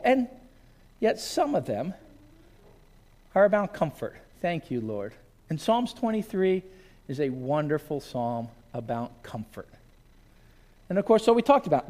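A man's voice: high-pitched, normal speed. A male pastor preaching a sermon to a congregation in a church, telling stories and acting out scenes. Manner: storytelling, animated, acts out scenes.

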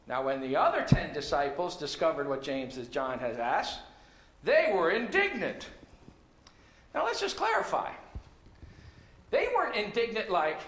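A male pastor preaching a sermon, telling a story in an animated way and acting out the dialogue. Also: very high voice, normal speed, pauses often. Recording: echoey room.

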